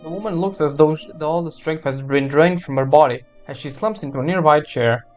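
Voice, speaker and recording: Streamer: a man reading game text, chatty, slightly higher voice. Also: a little fast, darkish tone, faint music behind. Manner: chatty, wry commentary.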